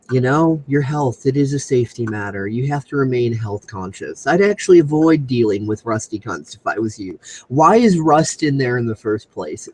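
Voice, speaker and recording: A man's voice: mid-range voice, rough recording. Goofy crude man rambling on a live stream. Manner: loud comic outbursts and squealed voices. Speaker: comedy show host. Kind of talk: solo comedic commentary over screen share. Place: alone at home on a live video stream. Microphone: computer mic on a video call.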